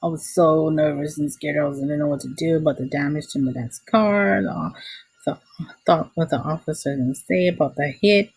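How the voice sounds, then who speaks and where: A woman casually telling a personal story, animated and exclamatory, acting out her own reactions, recorded on a computer mic. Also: deep voice, normal speed, husky, dry recording. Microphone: computer mic, screen recording.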